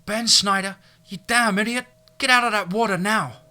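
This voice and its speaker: A man voicing a fiery young woman in an audiobook, with shrill, scolding shouts. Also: normal speed. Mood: furious.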